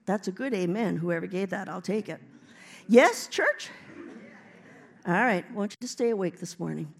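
A woman's voice: on the low side, fast, vocal fry. A woman preaching a sermon in a church, building to emphatic declarations. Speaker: guest preacher. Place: church sanctuary.

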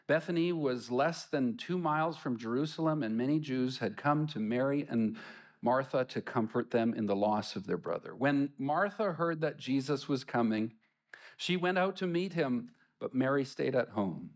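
A man preaching a sermon, reading scripture and explaining it to his congregation in an animated way. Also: mid-range voice, normal speed. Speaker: pastor.

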